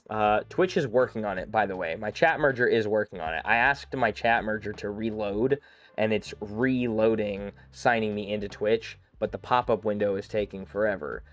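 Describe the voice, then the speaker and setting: A man's voice: lowish voice, a bit bright, dull audio. Rambling male game streamer. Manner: rambling storyteller, quick asides. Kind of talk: casual live-stream chat.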